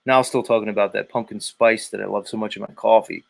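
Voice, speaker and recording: Talking fast in a lowish, gravelly voice with fairly even intonation, a man runs a livestream, greeting his audience and reading their comments. He's casual, crude and joking, rambling as he goes.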